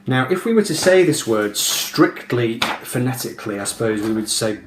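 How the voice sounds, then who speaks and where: A man's voice: medium pitch, lively intonation, moderate pace. A man giving a casual, methodical pronunciation lesson to camera, repeating example words with hard emphasis. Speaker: video creator explaining pronunciation. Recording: echoey room with faint background hum.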